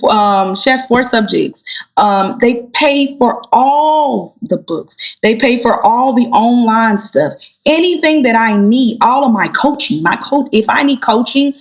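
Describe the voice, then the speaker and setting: A woman, a gospel singer, chatting as a guest and telling heartfelt stories with animated delivery. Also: on the high side. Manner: animated, heartfelt storyteller, addresses listeners as y'all. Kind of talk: casual interview chat.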